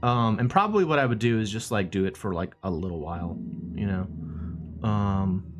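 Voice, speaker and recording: A man's voice: lowish voice, quick pace. A man streaming while he draws, chatting casually in a rambling, playful way and slipping into silly voices now and then. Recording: guitar music behind the voice.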